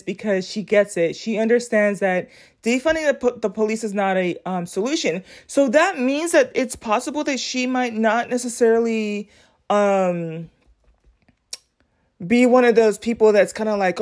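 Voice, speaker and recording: A woman's voice: mid-range voice, unhurried, a little mellow. A woman hosting a podcast, talking casually and reacting to news clips, often addressing her listeners directly. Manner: chatty, addresses listeners as y'all. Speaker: podcast host.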